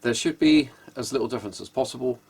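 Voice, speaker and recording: Gravelly man, wry and exasperated. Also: mid-range voice, fast talker, a little mellow. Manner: wry, exasperated, hesitant with fillers. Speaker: guitar repairer. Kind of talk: casual workshop commentary. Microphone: camera microphone.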